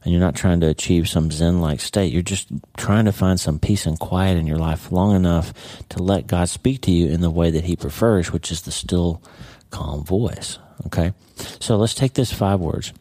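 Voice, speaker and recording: Low, mellow-voiced man teaching Scripture. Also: moderate pace, no echo. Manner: conversational, with frequent "okay?" and "right?" tags. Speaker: podcast host and Bible teacher. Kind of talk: casual devotional talk.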